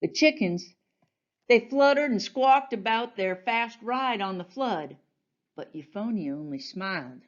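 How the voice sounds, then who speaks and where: A woman pastor reading a children's storybook aloud in a gentle, folksy storytelling manner. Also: mid-range voice, lively intonation, a little slow, dull audio.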